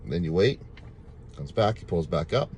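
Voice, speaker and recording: A man's voice: low voice, lively intonation, normal speed, darkish tone, a little hiss or hum. A man casually telling viewers a rambling, repetitive personal testimony, full of thanks to God. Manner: religious, thankful. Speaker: storyteller sharing a testimony.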